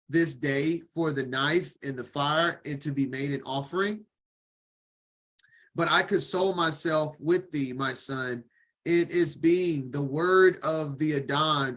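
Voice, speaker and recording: A man's voice: fairly high pitch, a bit bright. A man teaching scripture, reading a passage line by line and stopping to add his own informal comments. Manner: reads aloud, then breaks off to comment casually.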